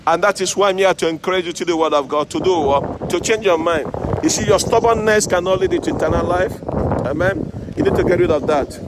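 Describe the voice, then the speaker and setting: A man's voice: high-pitched, a little fast. A man preaching an outdoor sermon, often asking "Amen?" and "you see?" of his listeners. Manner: call-and-response, repeated "Amen?" and "you see?". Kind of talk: street sermon. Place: outdoors by a road with passing cars in the rain. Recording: outdoor recording with street traffic noise. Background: traffic noise.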